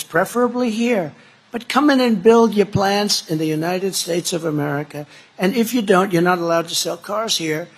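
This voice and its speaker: A man giving a campaign speech at a rally, rambling and repeating himself, building to loud emphatic declarations. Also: sits high, a little hiss or hum. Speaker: political speaker at a rally.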